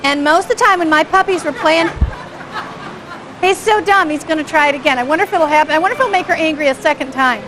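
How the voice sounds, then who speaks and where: A woman's voice: high-pitched, fast talker, a crowd in the background, noisy background. A woman instructor commenting on a home video of dogs at play for a class. She talks in a chatty, engaged way, often asking the audience questions and chuckling. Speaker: dog behavior instructor.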